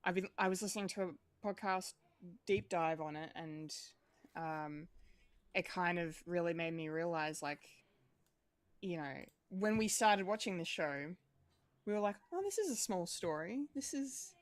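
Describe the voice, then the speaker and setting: A woman's voice: lowish voice, lively intonation, measured pace, no room sound. A woman co-hosting a podcast, chatting casually in a rambling way, with lots of fillers, restarts and swearing. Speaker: podcast co-host.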